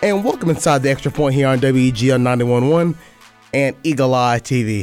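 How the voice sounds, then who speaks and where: A man's voice: medium pitch, brisk, clear, resonant tone, soft background music. A young man hosting a college sports radio show, joking casually with his co-hosts in the studio. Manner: animated, sing-song intro delivery. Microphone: studio microphone.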